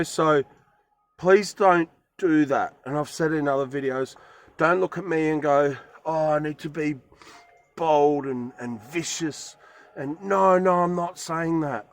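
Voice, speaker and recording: A man's voice: a little high, fairly bright tone. A man vlogging from his van in a forest, retelling a run-in in a rambling, emphatic way. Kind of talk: casual storytelling to camera.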